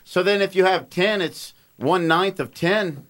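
A bumbling scientist who states nonsense as plain fact, blunt and sure of himself, as a man improvises him on a comedy podcast. His voice sits a bit high. The delivery is deadpan. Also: measured pace, noisy background. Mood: deadpan confident. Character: bumbling male scientist, adult, confidently wrong.

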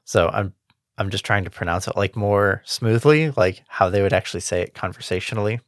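A man's voice: lowish voice, brisk, dry recording, studio quality. Laid-back man chatting about a book. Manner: relaxed, laughs often, reads passages aloud. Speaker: podcast co-host. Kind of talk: casual book discussion.

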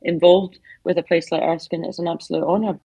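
A woman's voice: fairly low pitch, fairly even intonation, a little fast, vocal fry, husky, dry recording. A middle-aged woman telling heartfelt stories as an author in an interview, speaking from her home office. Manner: heartfelt storytelling with soft asides. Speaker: author guest. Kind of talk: conversational interview answers.

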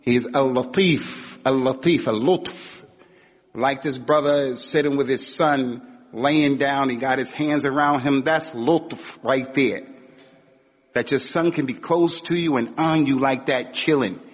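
Husky man preaching in a reverberant hall. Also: mid-range voice, unhurried. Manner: conversational, street slang, acts out anecdotes. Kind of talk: informal sermon. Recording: dull recording with long hall reverb.

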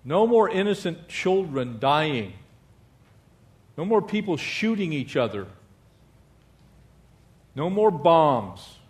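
Lively preaching man, higher voice. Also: takes it slowly, long pauses. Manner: lively preaching with call-and-response amens and jokes. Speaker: pastor. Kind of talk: sermon.

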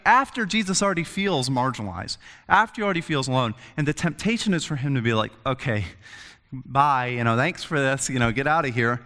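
Casual young man preaching in a hall. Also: a little high. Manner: conversational, animated storytelling with voiced asides. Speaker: pastor. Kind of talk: sermon. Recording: long hall reverb.

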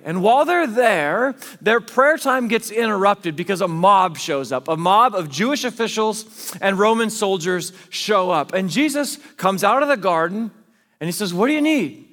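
A man's voice: high voice, expressive, normal speed, a bit bright, big-room sound. A man preaching a sermon as pastor, telling a scripture story in casual, conversational everyday speech.

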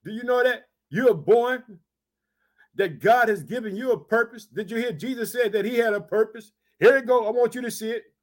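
A fervent man preaching. His voice sits high for a man. He reads a verse, then presses it home with eager asides and calls of praise. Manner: fervent, repeats verses, exclaims "hallelujah" and "check it out". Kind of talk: sermon, reading and expounding scripture.

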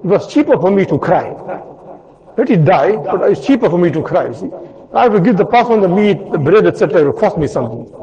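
A man's voice: high-pitched, sing-song, fast talker, dark tone, lo-fi sound. A man voicing a stingy man in a sermon story, explaining matter-of-factly why he let his dog starve. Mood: smug.

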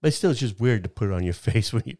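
A man's voice: fairly low pitch, lively intonation, fast talker, darkish tone, no echo, studio quality. A man in his fifties telling a personal story in casual chat, rambling with frequent restarts and laughing at himself. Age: 50s.

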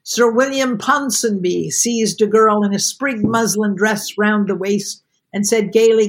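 A woman podcast host reading aloud from a novel with expressive, measured delivery. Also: mid-range voice, breathy edge.

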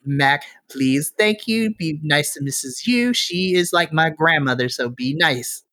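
A man's voice: a little high, a little slow, sharp tone. Man voicing a firm, fond woman. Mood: coaxing. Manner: bossy but fond reminders. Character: caring woman, firm girlfriend of the hero.

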